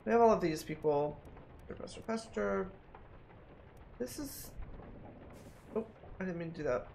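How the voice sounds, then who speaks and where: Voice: mid-range voice, normal speed, vocal fry, long pauses, a little mellow, slight background noise. A streamer thinking aloud while playing a mystery game, musing and often repeating themselves while puzzling things out. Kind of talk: casual think-aloud gameplay commentary.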